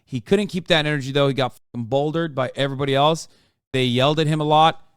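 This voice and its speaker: A man's voice: on the high side, fast, clear, resonant tone, dry recording, studio quality. A man in his thirties streaming casual, profane commentary on a political debate, sarcastic and mocking. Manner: sarcastic, swears a lot, mocks in put-on voices.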